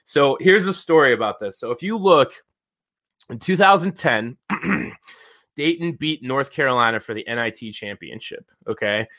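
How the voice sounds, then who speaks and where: Bright-voiced, animated male podcast host. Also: medium pitch, normal speed. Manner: animated, profane, lots of "like" fillers. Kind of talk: casual storytelling chat.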